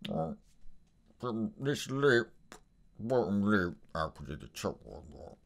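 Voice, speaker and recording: A man voicing a menacing middle-aged London gangster with a Cockney accent, a deep croaky throat voice and a blunt, swearing drawl. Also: very animated, slow, heavily acted. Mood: mocking. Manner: swearing, drawling, probing questions.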